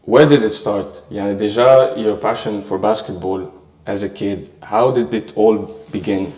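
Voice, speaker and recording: Man as interview host, lowish voice, brisk and eager, roomy echo. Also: fairly even intonation, darkish tone. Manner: brisk, reads out a list. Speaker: podcast host. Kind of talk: interview hosting. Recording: echoey room.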